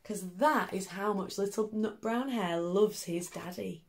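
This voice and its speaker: A woman teacher reading a picture book to young children from her sofa at home, in a gentle, encouraging voice. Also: mid-range voice, measured pace.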